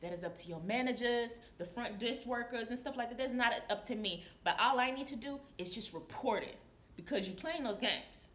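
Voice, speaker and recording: A woman nurse telling a story to camera in casual confessional style, animated and acting out her coworkers. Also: on the high side, a little fast. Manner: animated, acts out coworkers' voices. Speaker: licensed practical nurse. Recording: echoey room.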